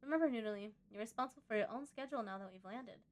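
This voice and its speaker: A woman's voice: a little high, rapid-fire, darkish tone, close to an everyday voice. A woman voicing a busy, practical colonist mother in a space-colony game, reading her lines in a plain, friendly way. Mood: brisk encouraging.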